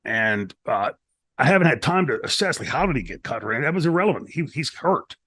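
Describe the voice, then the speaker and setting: A middle-aged man recounting a wrestling story in a shoot interview, animated and profane, acting out the lines people said. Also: mid-range voice, fast, husky, dry recording. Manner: animated, profane, acts out quotes in his story. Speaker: retired wrestler telling a story. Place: wrestling promotion studio. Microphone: studio mic.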